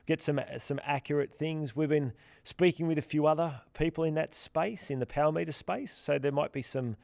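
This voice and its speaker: A man from the platform's team co-hosts a podcast, chatting casually and rambling with lots of restarts and fillers. His voice is fairly high, gravelly and a little mellow at a normal speed, in a dry, studio-quality recording.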